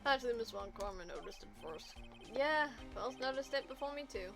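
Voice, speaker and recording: This is a big-hearted, bumbling police detective, played by a woman reading a game aloud. He is loud and chummy and calls everyone pal. The voice sits a little high, and faint game music plays behind. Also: expressive, a little fast, creaky.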